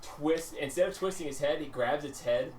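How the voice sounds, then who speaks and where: A man's voice: fairly high pitch, moderate pace. A man narrating a tabletop game as game master in a loose, rambling way. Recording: echoey room, distant mic, faint noise.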